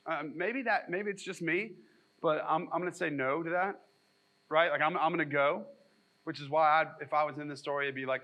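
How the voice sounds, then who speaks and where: A man's voice: fairly high pitch, fairly even intonation, fairly quick, bright, forceful tone, low-quality recording. A male pastor, preaching a conversational sermon and mixing scripture reading with joking, self-deprecating asides.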